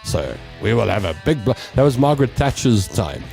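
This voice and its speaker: A man's voice: medium pitch, fairly quick, creaky, soft background music. A South African man hosting a comedy talk radio show, joking through listener messages and slipping into Afrikaans. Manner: animated, jokey, breaks into voices and laughter; mixes English with Afrikaans.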